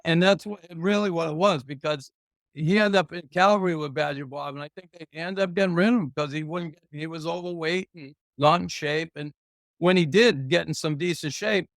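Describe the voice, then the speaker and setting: A retired pro hockey player telling rambling, profane stories as a guest in a casual interview, chuckling along the way. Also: male voice, a little high, normal speed, a bit bright, dry recording, clean studio sound.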